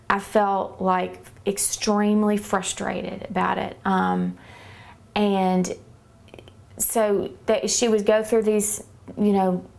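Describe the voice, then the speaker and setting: A woman earnestly telling her faith testimony, halting often with fillers as she talks. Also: mid-range voice, creaky, a little mellow. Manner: earnest, hesitant, many fillers. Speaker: church member giving testimony.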